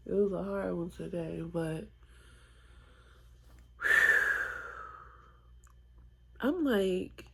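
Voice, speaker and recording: A tearful woman vlogging a personal confession, halting and reflective, with sighs and whispered asides. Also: lowish voice, vocal fry, pushed and bright, husky. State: tearful, close to crying.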